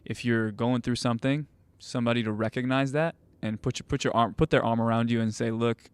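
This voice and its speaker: A man's voice: medium pitch, fairly even intonation, fast, clear, resonant tone, no room sound. A young man, a goalkeeper coach and host, telling stories casually with many fillers and restarts. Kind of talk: casual conversational storytelling.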